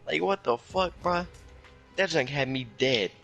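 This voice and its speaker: Young man, casual story time, animated, profane slang, bright edgy voice, slightly high pitch. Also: unhurried, creaky, faint music behind. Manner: animated, profane slang, jumps to high squeals when quoting himself. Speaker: storyteller guest.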